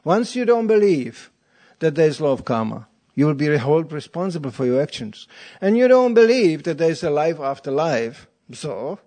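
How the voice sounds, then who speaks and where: Male preacher, lively anecdotal delivery with a wide swinging pitch. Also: normal speed. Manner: playful storytelling, acting out quotes, chuckling. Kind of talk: anecdotal sermon.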